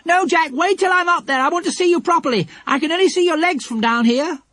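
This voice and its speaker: A woman's voice: a little high, very animated, moderate pace, a little mellow, husky, dry recording, pitched above the performer's own voice. A man voicing an earnest, questioning little girl in an audiobook. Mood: pleading. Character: gentle, anxious little girl. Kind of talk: audiobook character voice.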